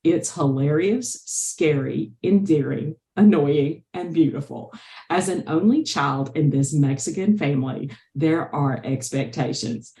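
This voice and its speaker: A woman's voice: low voice, measured pace, dark tone. A woman hosting a podcast, introducing her guest with enthusiasm. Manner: enthusiastic, welcoming. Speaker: podcast host. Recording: roomy echo.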